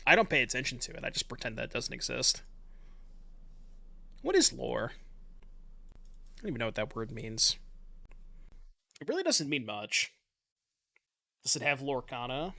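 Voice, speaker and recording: Guy with a bright edgy voice thinking out loud over his card game, jumpy up and down intonation, self-mocking. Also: medium pitch, big pitch swings, unhurried, vocal fry, pauses often, no room sound. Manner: thinks aloud, chatty and self-mocking, swears casually. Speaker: online card game player. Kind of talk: casual gameplay commentary.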